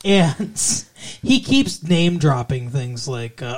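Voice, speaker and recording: A man's voice: a little high, takes it slowly. Chatty man retelling a movie scene. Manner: animated, acts out characters' lines while retelling scenes. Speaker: podcast co-host. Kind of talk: casual movie-review chat.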